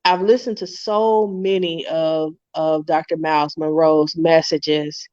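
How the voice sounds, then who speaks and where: A middle-aged woman talks casually as an interview guest, swinging into lively put-on voices for the people in her stories. Her audio is dry and a little dull, like a remote call. She laughs easily as she tells them. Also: sits low, takes it slowly, clean tone, no echo. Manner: lively storyteller, acts out quoted voices, laughs often. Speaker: guest author and entrepreneur.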